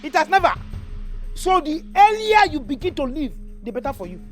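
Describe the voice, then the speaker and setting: An actress playing a scornful, sharp-tongued first wife in a Nigerian film, mocking her rival; Nigerian accent. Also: sits high, very animated, a little fast, soft background music. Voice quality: mocking, taunting. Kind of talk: Nollywood film acting.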